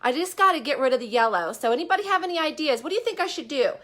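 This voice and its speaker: A woman's voice: sits high, animated, racing, fairly bright tone. A woman giving a chatty, upbeat live-stream talk as an online business coach. She speaks from a bedroom in her house and often puts questions to her viewers.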